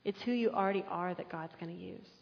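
A woman's voice: on the low side, fast talker, gravelly. A woman pastor, preaching a sermon and acting out the quotes as she tells the story. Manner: animated storytelling with acted-out quotes. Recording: echoey hall, dull muffled sound.

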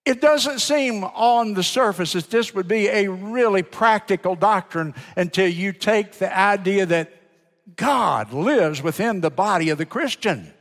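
Emphatic Southern preacher in a reverberant church. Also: male voice, high voice, lively intonation, unhurried. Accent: Southern American. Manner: emphatic preaching, swings from loud to hushed. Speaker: pastor. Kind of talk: sermon. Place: church sanctuary. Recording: church hall with long reverb.

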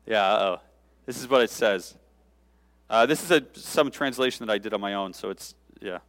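A man's voice: fairly low pitch, moderate pace, pauses often, a bit bright. A man preaching a sermon, explaining scripture in a conversational, informal way with frequent asides. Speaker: pastor.

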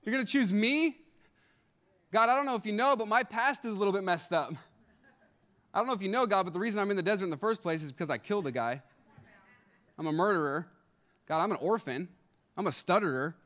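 A man's voice: high-pitched, fast, long pauses, a bit bright, pitched above the performer's own voice. A man voicing Moses as an anxious man who stammers out his doubts, within a sermon. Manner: fretful, stammering protests.

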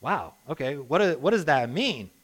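A man preaching a sermon as a pastor, impassioned, moving between hushed and emphatic delivery. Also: fairly high pitch, very animated, normal speed.

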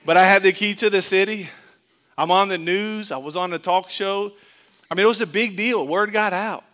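This pastor, a middle-aged man from Florida, has a high-pitched, slightly bright voice at normal speed. He preaches conversationally and jokingly, weaving scripture together with a story from his own childhood.

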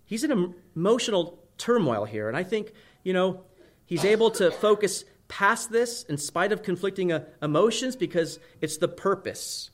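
A man's voice: high voice, expressive, moderate pace. A man preaching a sermon in a conversational way, often asking his listeners "right?" as he explains Scripture. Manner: conversational preaching, frequent "right?" tag questions. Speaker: pastor.

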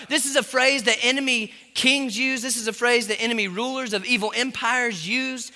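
A male pastor preaching a sermon in a large church hall, with sudden surges of loud emphasis. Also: extremely high pitch, brisk. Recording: long hall reverb.

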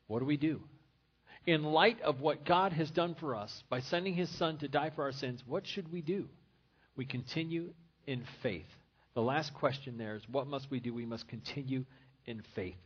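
A man's voice: on the high side, normal speed, breathy edge, dull audio. A man pastor preaching a sermon in an earnest, repetitive style. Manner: earnest preaching with repeated phrases.

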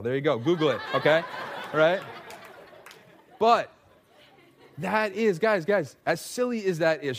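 A man preaching a sermon, conversational and animated, acting out the voices he quotes. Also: fairly high pitch, moderate pace, a little hiss or hum. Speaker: pastor.

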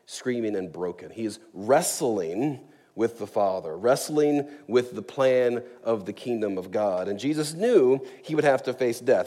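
A man delivers an earnest sermon, leaning hard on important words and drawing them out. His voice sits low and warm. It rings with the long reverb of a large church hall. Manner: earnest, emphatic preaching, slowing on key words. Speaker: pastor.

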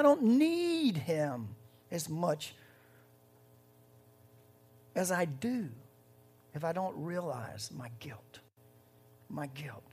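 A pastor giving a conversational sermon, swinging between loud, rising bursts and hushed moments. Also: medium pitch, big pitch swings, drawn-out words, long pauses, husky.

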